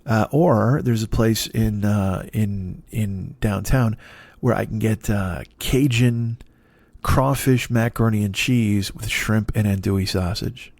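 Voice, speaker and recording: A man in his forties, a comedian hosting his own podcast, rambling in a profane, self-deprecating monologue from his dark apartment. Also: lowish voice, slow, dry recording. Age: 40s.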